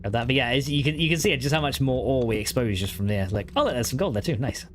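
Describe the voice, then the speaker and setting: A man's voice: mid-range voice, animated, fast talker, background noise. A man streaming a modded block-building game, chatting casually while he plays, rambling with lots of "like" and frequent laughs. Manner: rambling, fillers of "like", laughing often.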